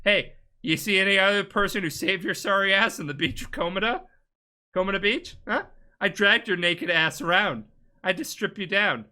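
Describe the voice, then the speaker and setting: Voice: mid-range voice, normal speed, pushed and bright, voice pushed up, close to an everyday voice. A tipsy podcaster doing a crude mocking woman thief. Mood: brash. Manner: crude, mocking, swears a lot. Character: brash sarcastic female thief archer.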